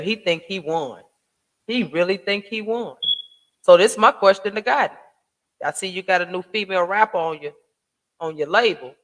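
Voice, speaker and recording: A man with a fairly high voice hosts a casual commentary vlog from a home desk mic. He rants in slangy, profane street talk, firing off rhetorical questions. He stumbles into frequent restarts as he talks. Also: fairly bright tone. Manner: emphatic, ranting rhetorical questions. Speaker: online commentary host. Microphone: home desk mic with soundboard.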